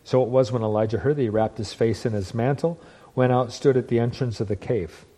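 A male pastor delivers a sermon in an earnest, plain-spoken voice. His tone is mellow and warm, and he slows down to press key words home. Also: mid-range voice, steady tone. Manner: earnest preaching, slows down for emphasis, restarts phrases.

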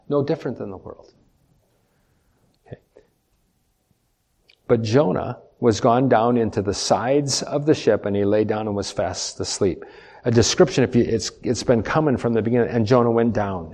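A man's voice: mid-range voice, darkish tone. Emphatic male pastor preaching. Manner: emphatic, repeats key points and asks the congregation questions. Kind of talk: sermon. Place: church.

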